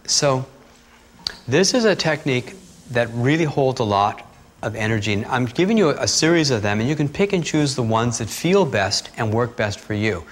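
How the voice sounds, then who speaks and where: A man teaching breathing techniques, talking calmly and steadily through guided instructions. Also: medium pitch, moderate pace. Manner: calm, steady instructional talk with asides.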